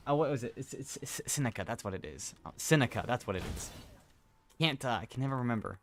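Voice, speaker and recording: A man's voice: medium pitch, expressive, fast. A young man chatting casually while playing a game, rambling and correcting himself as he tells stories. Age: young adult. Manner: rambling, self-correcting, chuckling storyteller. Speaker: gaming streamer. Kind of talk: casual chat while gaming.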